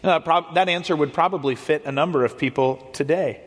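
A man's voice: a little high, fairly quick. A man preaching a sermon as a pastor, explaining earnestly and often repeating words as he goes. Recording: long hall reverb.

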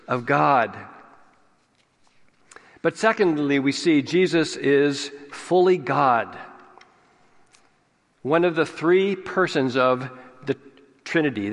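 A man delivers a sermon at a very unhurried pace, leaning on single words for weight. His voice sits a little high for a man. The sound carries the long reverb of a large hall. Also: a bit bright. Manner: slow, deliberate, stresses key words. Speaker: preacher.

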